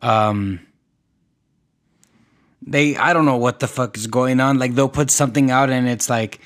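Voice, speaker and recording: A man's voice: medium pitch, unhurried, fairly bright tone. A young man hosting a solo podcast, ranting in a rambling, profane way with many restarts and fillers. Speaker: podcast host.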